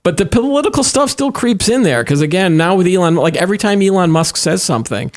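A man's voice: high-pitched, animated, quick pace. A middle-aged man co-hosting a podcast in casual tech chat, rambling with many restarts and fillers. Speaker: podcast co-host.

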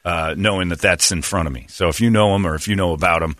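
A man's voice: fast talker, no echo, studio quality. A middle-aged man hosting a talk radio show, ranting with profanity and laughing at his own lines. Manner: animated, profane rants with swings in pitch and laughter. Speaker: radio host. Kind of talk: casual talk radio banter.

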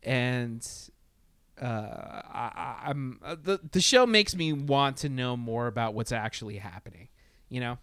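A man's voice: mid-range voice, animated, a little slow, fairly bright tone, smooth, no echo, studio quality. A man chatting casually about a TV show, hesitant, stumbling through restarts as he thinks aloud. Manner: hesitant, many restarts and fillers. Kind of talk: casual review chat.

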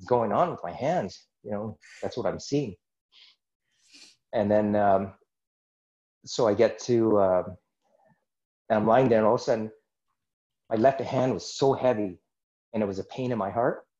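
Low-voiced man telling an earnest story. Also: steady tone, a little slow, long pauses, dark tone, highs cut off. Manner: earnest, rambling, many "it's like" asides. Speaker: podcast guest. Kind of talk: personal storytelling in a casual interview.

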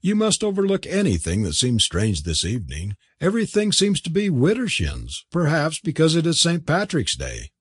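A man's voice: a little high, wildly swooping pitch, moderate pace, few pauses, husky, dry recording, clean studio sound, pitched above the performer's own voice, exaggerated voice. A man voicing a genial, talkative older male antiquarian who hosts a supper. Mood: chatty.

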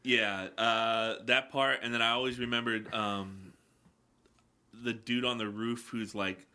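A young man hosting a casual podcast chat, rambling, swearing freely and quick to laugh. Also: medium pitch, steady tone, sharp tone. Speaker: podcast host.

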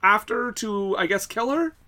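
A man with a bright, slightly high voice talks through a film recap in a casual podcast chat. He laughs often and fills his sentences with "uh" and "like". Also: expressive, measured pace. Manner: laughs often, many fillers and restarts. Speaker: podcast co-host.

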